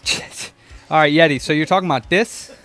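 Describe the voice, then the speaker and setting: A man's voice: a little high, fairly quick, fairly bright tone, faint music behind. A young man running a repair shop, chatting casually and swearing while he searches for parts and works, talking to himself and his viewers. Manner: profane, rambling, talks to himself and chat. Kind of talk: casual livestream chat while working.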